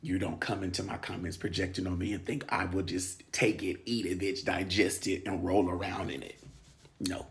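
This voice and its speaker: A man's voice: low voice, flat delivery, moderate pace, creaky, slight background noise. A man in his thirties from Los Angeles gives an emphatic, candid personal monologue, often dropping to a whisper and laughing. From South Central Los Angeles. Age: 30s. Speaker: spiritual channel host.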